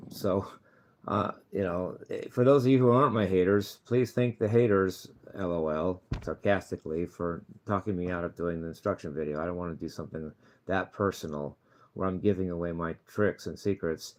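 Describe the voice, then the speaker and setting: Deep-voiced male vlogger, rambling, stammering restarts, earnest preachy advice to viewers. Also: a little hiss or hum. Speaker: channel host. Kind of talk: casual vlog monologue.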